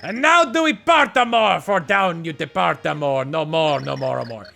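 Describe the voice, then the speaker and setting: A swooning pixel sprite croons in a hammy mock French accent, as a man puts him on. The voice rides high and bright with a lively, sweeping lilt and a gravelly edge. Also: heavily acted. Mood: romantic. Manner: theatrical, romantic, drawn-out. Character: lovesick male pixel sprite, dramatic.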